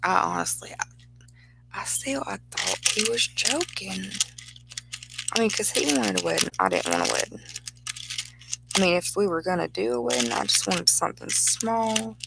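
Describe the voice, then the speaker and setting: A woman's voice: medium pitch, very animated, moderate pace, creaky, long pauses, heavy background noise. A middle-aged woman, chatting casually and rambling through a personal story while she crafts. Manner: chatty, rambling anecdote with laughs. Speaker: crafting vlogger.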